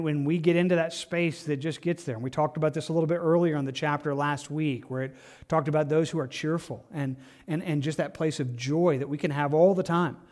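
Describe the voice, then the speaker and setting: Pastor guy teaching bible study, kinda high voice, chatty, lots of restarts. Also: a little mellow. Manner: conversational, with frequent restarts and acted quotes.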